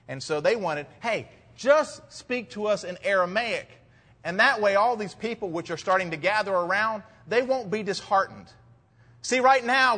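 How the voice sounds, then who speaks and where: A man's voice: high voice, bright, forceful tone. A man preaching an expository sermon as pastor, reading verses and rising to emphatic points. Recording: long hall reverb.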